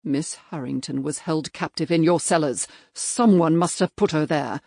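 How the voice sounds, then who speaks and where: A woman voicing a stern male major and magistrate who talks in clipped, threatening, quietly forceful lines. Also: low voice, unhurried, vocal fry, no echo, studio quality, exaggerated voice.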